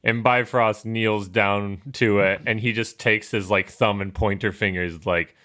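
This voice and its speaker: Guy running a tabletop game, bright lowish voice, animated storytelling. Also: unhurried. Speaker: game master.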